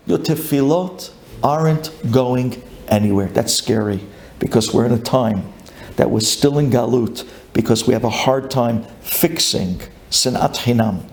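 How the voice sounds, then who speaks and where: A man, a rabbi, giving a lively sermon, acting out a grumbling congregant and building up to shouted lines. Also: medium pitch, roomy sound.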